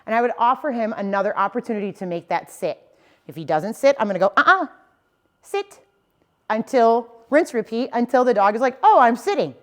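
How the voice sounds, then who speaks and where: A woman's voice: mid-range voice, fast talker. A young adult woman dog trainer giving a casual, explanatory lesson to dog owners and often checking in with "okay?" and "right?". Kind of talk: instructional talk to dog owners.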